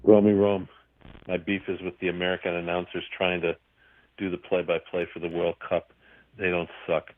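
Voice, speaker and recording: A man's voice: low voice, completely flat delivery, normal speed, no echo. A man from the Philadelphia area calling a sports radio show, ranting emphatically and repeating his points, heard over a tinny phone line. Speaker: caller. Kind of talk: ranting call-in.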